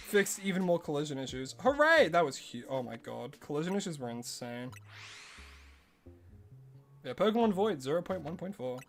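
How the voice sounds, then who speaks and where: Brief: Australian streamer, playful casual commentary, frequent laughs, animated pitch, faint music behind. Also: unhurried, pauses often. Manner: laughs often, chatty and playful.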